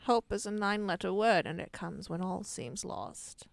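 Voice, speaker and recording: A woman voicing an old hunched witch who speaks softly and courteously, calling people dear. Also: medium pitch, lively intonation, normal speed, vocal fry, no room sound. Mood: gracious.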